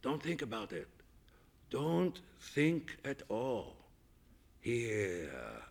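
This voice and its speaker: A man voicing a huge, serene male chef who speaks in a deep, soothing murmur, hushed and coaxing. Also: sing-song, drawn-out words, creaky, slightly rough, heavily acted.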